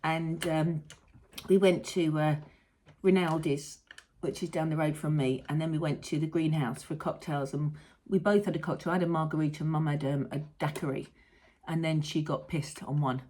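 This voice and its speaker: A woman's voice: sits low, fairly even intonation, normal speed, a little mellow. A middle-aged British woman with a rambling, chatty manner and mild swearing, hosting a casual monologue. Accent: British English. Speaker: host. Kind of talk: casual chat.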